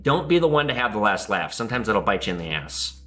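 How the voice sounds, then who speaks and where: A man who hosts a pawn shop show, telling a story casually to camera in an animated way and acting out the people he quotes. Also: fast, soft background music. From Minnesota. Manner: animated, acts out quoted people with big jumps in pitch. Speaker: pawn shop owner and host.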